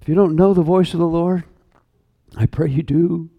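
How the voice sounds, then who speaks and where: A man preaching a sermon, earnest and emphatic, repeating words and slowing down on key phrases. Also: on the high side, steady tone, creaky, phone-quality sound.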